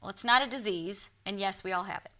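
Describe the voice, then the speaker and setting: Woman, Michigan accent, TV guest, earnest storyteller, bright clear tone. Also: mid-range voice, fast. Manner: earnest, animated storyteller acting out quotes. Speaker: guest, psychic medium. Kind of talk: storytelling in a TV interview.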